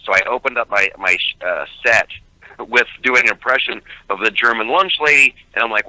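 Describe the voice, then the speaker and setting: A man's voice: mid-range voice, fairly quick, bright, forceful tone, no room sound, rough recording. A male comedian talking animatedly by phone as a radio guest, with frequent stammered restarts. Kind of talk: casual radio interview. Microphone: phone call.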